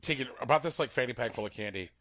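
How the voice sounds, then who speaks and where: A man's voice: medium pitch, animated, rapid-fire, a bit bright, no room sound, clean studio sound. A man co-hosting a podcast in casual chat, rambling and laid-back, swearing freely. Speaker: podcast co-host.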